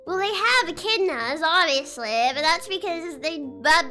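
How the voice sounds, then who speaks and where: A young woman streams and chats casually, her high voice bright and sharp. She talks in an excitable, giggly way, full of sarcasm and sudden laughs. Soft music plays faintly behind her. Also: a little slow, few pauses. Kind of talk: casual livestream chat.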